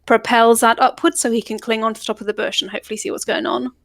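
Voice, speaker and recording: A woman playing a tabletop game with a bright, playful manner. Her voice sits a touch high. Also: flat delivery, fast, vocal fry. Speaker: player.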